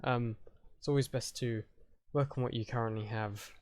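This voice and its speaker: A man's voice: medium pitch, steady tone, normal speed, darkish tone, no echo. Chatty man explaining grammar. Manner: chatty, loose, with fillers and self-corrections. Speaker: conlang tutorial host. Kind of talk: casual explanatory tutorial.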